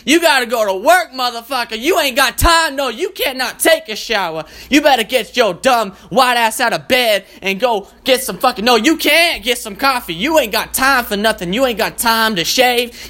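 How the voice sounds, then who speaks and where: A man voicing a bossy female alarm clock that scolds and curses in rapid-fire commands. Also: very high-pitched, sharp tone, pitched above the performer's own voice.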